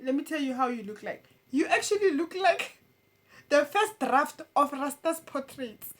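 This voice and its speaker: A woman's voice: high-pitched, lively intonation, unhurried. A young woman delivering a stand-up roast, teasing with stammered restarts and laughing at her own jokes. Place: comedy roast stage.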